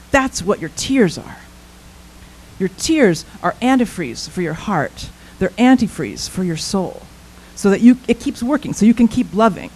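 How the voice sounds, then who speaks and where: A woman's voice: fairly high pitch, a little mellow, low-quality recording. A woman voicing a kindly male school custodian, speaking patiently and tenderly to a crying child.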